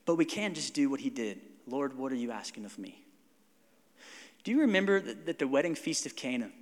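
A man in his forties preaches in a casual, animated way and slips into little acted-out quotes. His mid-pitched voice carries into a church hall with a long reverb tail. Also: a little fast. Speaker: pastor. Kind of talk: sermon.

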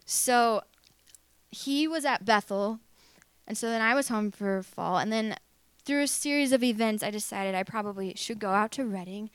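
A young woman tells her own faith story in an open, rambling way, full of fillers and little acted-out quotes. Her voice sits at a middling pitch and the recording is dry, with no room sound around her. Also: moderate pace, clear, resonant tone, no room sound. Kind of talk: personal testimony.

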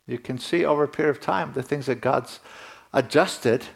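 A man delivers a sermon in a church in a relaxed, talking-to-you manner. His voice sits in a middle register and climbs with emphasis when he drives a point home. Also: medium pitch, moderate pace, vocal fry, husky. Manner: conversational preaching, rising emphatically at key points. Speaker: pastor.

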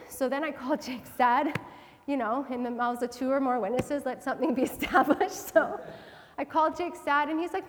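A woman's voice: high-pitched, brisk, long reverb tail. A woman telling a personal story in a sermon, acting out her own reactions with lots of feeling. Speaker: Christian speaker.

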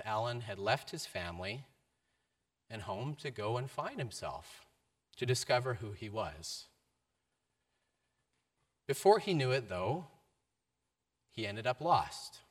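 A man giving a sermon, telling a story with varied emphasis and a mid-pitched voice. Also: fairly bright tone. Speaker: preacher.

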